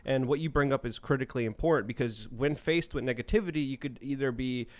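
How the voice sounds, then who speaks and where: A man's voice: medium pitch, fast talker. A man speaking as a podcast guest in casual chat, earnest and reflective, with many fillers.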